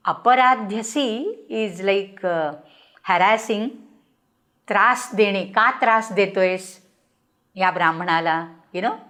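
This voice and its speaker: A woman's voice: slow pace, a bit bright. An older woman with an Indian accent, a Sanskrit professor giving a lecture, reciting verses and explaining them in English with frequent fillers. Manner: acts out characters' lines with rising pitch.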